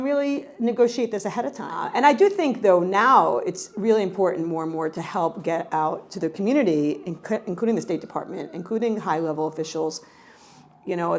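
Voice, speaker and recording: Middle-aged new york woman chatting about her research, lively, lots of restarts. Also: lowish voice. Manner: animated storytelling with frequent restarts. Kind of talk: conversational interview answer.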